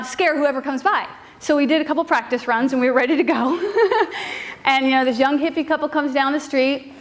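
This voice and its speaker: A high-pitched woman tells a personal story to a live audience, animated and casual, with frequent fillers.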